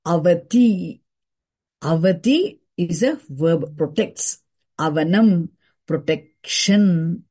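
A woman teaching a scripture class, explaining terms deliberately and repeating key words for emphasis. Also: lowish voice, animated, dark tone, slightly rough.

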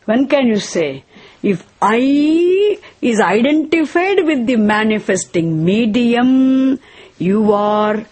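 A woman with a slightly husky, breathy voice teaches scripture at an unhurried pace. She repeats key phrases and keeps asking rhetorical questions. Now and then she chants short verses. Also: mid-range voice, darkish tone.

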